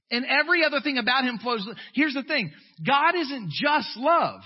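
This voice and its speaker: Animated high-voiced preacher in a reverberant hall. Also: male voice, normal speed, hardly any pauses, slightly rough, lo-fi sound. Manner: animated, emphatic, mimics people with comic voices. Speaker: pastor. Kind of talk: sermon.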